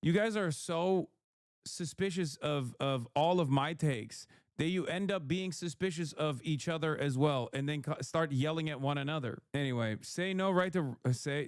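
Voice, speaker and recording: A man's voice: on the high side, normal speed, no echo, clean studio sound. A man streaming, heatedly reacting to and reading out chat messages, swearing often. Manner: heated, profane, reads chat messages aloud. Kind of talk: casual livestream rant.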